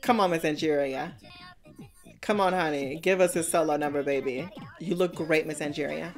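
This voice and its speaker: With a deep voice and a moderate pace, a woman hosts a casual reaction video, speaking directly to contestants and sassily calling them "honey" and "baby" as she gives blunt critiques. Soft music plays behind her.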